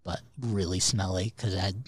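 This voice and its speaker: Low husky man telling rambling stories. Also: steady tone, normal speed, no room sound. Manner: rambling anecdotal storyteller, swears casually. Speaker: podcast co-host. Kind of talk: casual storytelling chat.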